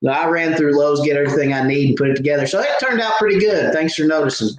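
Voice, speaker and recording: Rambling fishing host in an echoey room. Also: male voice, a little high, quick pace, slight background noise. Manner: rambling storyteller with many fillers and restarts. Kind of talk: casual live-stream chat.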